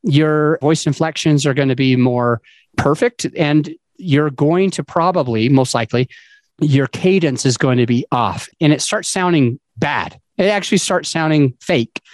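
A man's voice: a little high, a little slow, dry recording. A man hosting a podcast, giving casual advice in a loose, conversational way with fillers and restarts. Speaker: podcast host.

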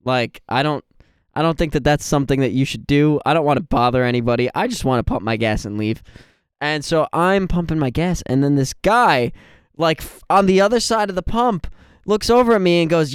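A man's voice: a little high, brisk, clear, resonant tone, no room sound, studio quality. A young man co-hosting a podcast, chatting casually and telling rambling, jokey stories. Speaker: podcast co-host.

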